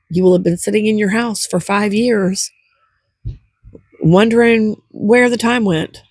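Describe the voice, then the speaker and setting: A woman's voice: medium pitch, measured pace, a little mellow, husky, no echo. An older woman chatting to camera from home in a rambling, heartfelt vlog. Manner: rambling, chatty, gets teary. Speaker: vlogger. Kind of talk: casual chat to camera.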